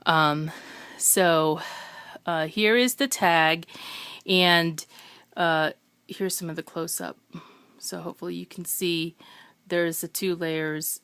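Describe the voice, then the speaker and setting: A woman with a smooth, lower-pitched voice talks through her craft work at a table. Her speech is chatty and full of ums, and she corrects herself often. The sound is close and dry. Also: fairly bright tone, no room sound. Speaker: craft video maker. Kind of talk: casual show-and-tell.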